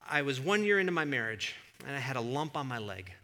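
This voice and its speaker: A male pastor preaching a sermon in a church, an animated storyteller who surges into emphatic, near-shouted points. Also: mid-range voice, fast talker. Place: church sanctuary. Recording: long reverb of a church hall.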